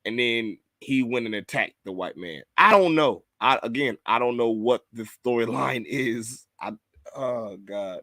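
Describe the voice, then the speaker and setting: A man's voice: medium pitch, lively intonation, measured pace, bright, forceful tone, no room sound. Male podcast host, casual and profane, repeats himself; mid-range voice, dry recording. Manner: laughs often, reads viewer comments aloud. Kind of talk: casual review chat.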